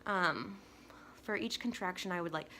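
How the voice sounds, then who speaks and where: A young woman vlogger telling a personal story in a casual, chatty, excitable way. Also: on the low side, normal speed, slight background noise. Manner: excitable, chatty, talks with 'like' often.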